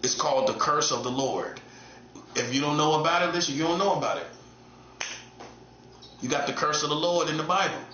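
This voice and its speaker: A man in his late forties delivering a taunting monologue, full of repeated mocking questions, jumping between a high teasing tone and a low growl. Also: brisk, pauses often, bright, forceful tone, reverberant, lo-fi sound, a little hiss or hum. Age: 40s. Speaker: self-styled prophet streamer.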